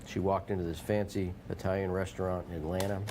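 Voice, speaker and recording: A man's voice: sits low, little pitch movement, fast, noisy background. A man hosting a local TV show, rambling and joking in casual chat and slipping into playful put-on voices. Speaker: TV show host.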